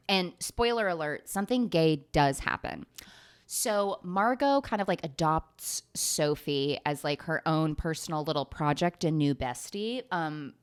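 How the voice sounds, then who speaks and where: A young woman with a slightly low voice hosts her own talk show. She rambles through a comedic recap, sarcastic and quick to swear, often breaking into laughter. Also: lively intonation, clean tone. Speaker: podcast host.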